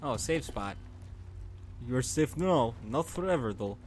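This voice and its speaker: A man's voice: medium pitch, lively intonation, measured pace, darkish tone, a little hiss or hum. A man narrating his horror game playthrough with jokes, talking to the game and yelping and screaming when startled. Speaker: gameplay commentator. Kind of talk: horror game let's play commentary.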